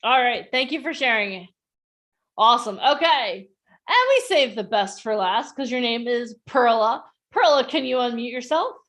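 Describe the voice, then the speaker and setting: A woman's voice: a little high, normal speed, a bit bright. A woman hosting and coaching on a live online event, enthusiastic and encouraging.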